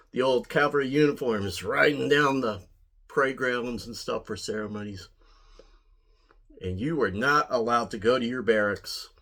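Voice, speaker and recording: This Ohio man, an army veteran who vlogs while smoking a pipe, speaks in a mid-range, slightly bright voice. He spins his story casually, with dry wit, laughing at his own tale.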